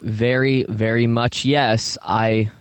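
A young man trades sassy, playful banter in a relaxed podcast conversation. He talks about his music with an easy tone. His voice is dry and close on the mic, at an ordinary pitch for a man. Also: slow pace, clear, resonant tone, dry recording. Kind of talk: casual chat.

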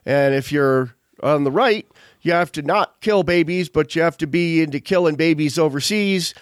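A man's voice: a little high, normal speed, no room sound. Rambling man, dry close sound. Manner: rambling, digressive, frequent fillers. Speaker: podcast host. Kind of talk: casual chat.

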